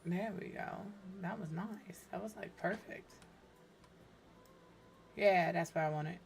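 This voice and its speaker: Hoarse, tired woman streaming a game. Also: on the low side, a little slow, slight background noise. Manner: tired, muttering to herself while building. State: hoarse, voice fading. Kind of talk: casual gameplay streaming chat.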